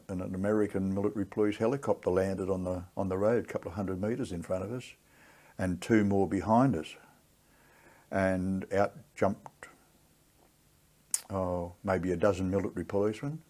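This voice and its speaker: A man's voice: sits low, dark tone. An older Australian man, a war veteran, telling his story in a plainspoken, gritty way in an oral history interview.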